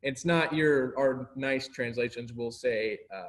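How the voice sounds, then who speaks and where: A man teaching a casual Bible class, animated and laughing often, acting out the people he quotes. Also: mid-range voice, moderate pace, hardly any pauses.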